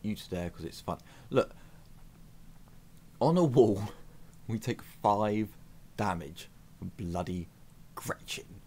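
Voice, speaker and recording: A man's voice: fairly low pitch, slow, long pauses, warm tone, a little hiss or hum. A man giving casual, self-mocking commentary as he plays a strategy game on his channel. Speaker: gaming YouTuber.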